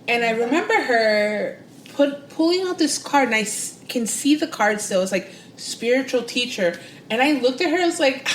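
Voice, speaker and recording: A woman, guest on a podcast, telling a personal story with lively, expressive delivery and acting out the voices she quotes. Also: fairly quick, roomy sound, slight background noise. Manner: expressive, acts out quoted voices with big pitch jumps. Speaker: guest psychic and spiritual coach. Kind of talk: animated storytelling in interview.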